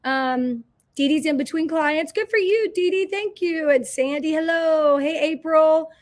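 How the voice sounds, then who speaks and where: Woman host, middle-aged, high bright voice, chatty and effusive live-stream chat, greeting viewers one by one. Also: measured pace. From Indiana, USA. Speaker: company president hosting a live Q&A.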